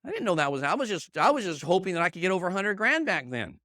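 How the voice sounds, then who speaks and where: A man's voice: sits high, sing-song, fast talker, sharp tone, no room sound. A middle-aged man leading a motivational sales training for a room of colleagues, emphatic and repetitive, checking in with "okay?" and "right?" and calling on people by name. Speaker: sales team leader giving a training. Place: meeting room with a live audience.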